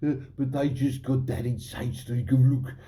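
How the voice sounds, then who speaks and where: A man's voice: mid-range voice, fairly even intonation, moderate pace, mellow, lightly acted. A man voicing a grumpy, mock-serious football manager who grumbles about a defeat. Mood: gloomy. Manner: mock-serious, rude, mumbling asides. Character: smug then gloomy male football manager.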